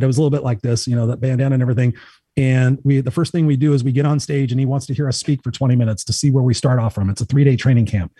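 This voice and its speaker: Быстрый мужчина с глухим, тёплым голосом. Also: male voice, medium pitch, no room sound. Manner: energetic, swears freely, acts out quotes. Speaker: motivational speaker. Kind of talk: casual storytelling chat.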